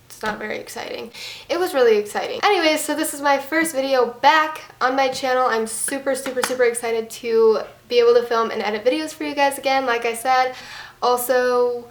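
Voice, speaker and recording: A young woman vlogger telling a casual story, chatty and full of "like" and "literally". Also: on the high side. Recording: echoey room.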